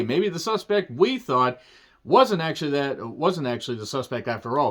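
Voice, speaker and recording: A man's voice: medium pitch, expressive, moderate pace, fairly bright tone, muffled recording. A man giving a casual spoken movie review, rambling and digressive, with offhand jokes and casual swearing.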